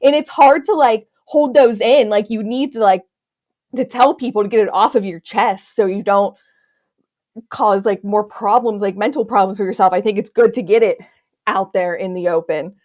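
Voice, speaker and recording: A woman's voice: medium pitch, moderate pace, darkish tone. A young woman hosting a podcast in casual chat, talking in a chatty, filler-heavy way. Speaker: podcast host.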